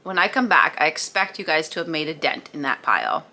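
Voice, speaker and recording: A bossy male construction foreman, voiced by a woman, who talks low and gruff. He gives short, commanding orders, and the tone is bright and clipped. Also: very animated, fairly quick, full character voice.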